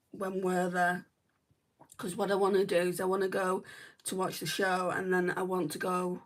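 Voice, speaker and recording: A woman's voice: lowish voice, far from the mic. A woman from northwest England with a northern English accent, chatting casually through a makeup livestream, rambling with lots of "right" and "like". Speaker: beauty vlogger. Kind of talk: casual livestream chat while doing makeup.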